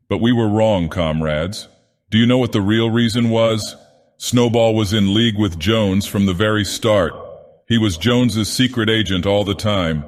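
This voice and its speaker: A man's voice: fairly low pitch, lightly acted. A man voicing a nervous, persuasive male pig propagandist in an audiobook, speaking with agitated insistence. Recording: long hall reverb.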